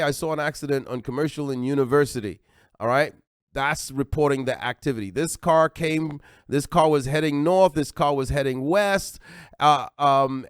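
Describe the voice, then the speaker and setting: American pastor, male, animated sermon delivery, smooth and clear, dry close sound. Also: a little high, no room sound. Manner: animated, acts out little dialogues.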